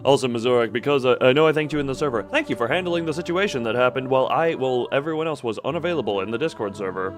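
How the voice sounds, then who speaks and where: A man's voice: medium pitch, rapid-fire, hardly any pauses, faint music behind. A young man streaming a game, chatting casually in a rambling, jokey way and tripping over his words. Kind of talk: casual live-stream chat while gaming.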